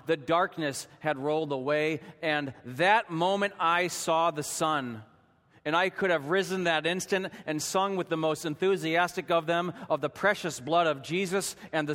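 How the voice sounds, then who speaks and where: Male pastor, slightly high voice, storytelling sermon that builds to shouted appeals, church with long echo. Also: a little slow. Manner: dramatic storytelling preacher, rising to shouts. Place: church sanctuary.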